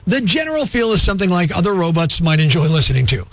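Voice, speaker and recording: A man's voice: sits high, big pitch swings, quick pace, dry recording. A male morning radio host delivering a sarcastic, self-mocking comedy monologue on a studio mic.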